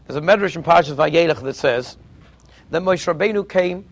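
A man giving a Torah lecture as a teacher, an emphatic and animated storyteller. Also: fairly high pitch, normal speed.

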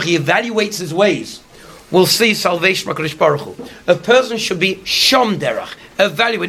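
A man teaching a Torah class in an explanatory storytelling manner, slowing down on the key lessons. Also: high voice, a bit bright, breathy edge.

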